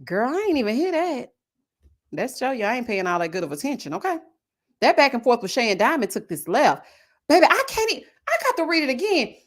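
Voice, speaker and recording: A woman hosting a casual live chat, animated and laughing often, drawling endearments like "baby" and "child". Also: high voice, fairly quick. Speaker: livestream host.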